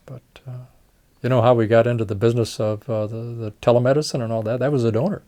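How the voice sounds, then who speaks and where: An older man telling long stories from his career, with the voices of the people he quotes acted out. His pitch sits in an ordinary middle range, and his telling is relaxed and conversational. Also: fast talker. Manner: storytelling, reenacts dialogue, chuckles. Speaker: retired facial plastic surgeon. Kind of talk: oral history interview.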